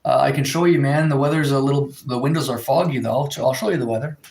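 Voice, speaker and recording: A man's voice: medium pitch, quick pace, creaky, a little mellow, reverberant. A man chatting casually on a livestream from home, rambling with lots of fillers and reading viewer comments aloud. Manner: rambling, filler-heavy storytelling, reads chat aloud. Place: indoors at home, in a room with a window. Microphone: phone.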